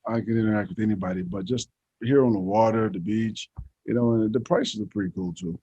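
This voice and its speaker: A man's voice: lowish voice, brisk, vocal fry, husky, dull audio. A middle-aged man, a football coach, chatting easily as an interview guest over a remote connection. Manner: relaxed, easygoing, short answers. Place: beach vacation, remote call.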